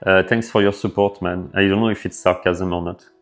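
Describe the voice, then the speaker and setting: Low-voiced French-accented male developer streamer. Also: brisk. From France. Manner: relaxed, filler-heavy, thinking aloud. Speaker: livestream host, developer. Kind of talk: casual livestream chat answering viewers. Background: faint background music.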